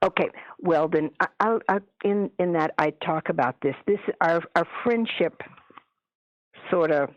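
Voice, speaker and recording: A woman telling stories as a guest in a radio interview, chatty and animated, acting out what people said. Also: lowish voice, a little slow, no echo. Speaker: guest, paranormal author. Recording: dull lo-fi radio audio.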